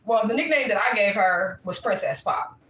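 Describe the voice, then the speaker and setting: Loud, profane mother in an echoey kitchen. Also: medium pitch, expressive, moderate pace. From Midwest US, St. Louis area. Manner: loud, profane, laughing banter. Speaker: livestream host cooking with her daughter. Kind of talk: casual livestream chat while cooking. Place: home kitchen. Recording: echoey kitchen, faint noise.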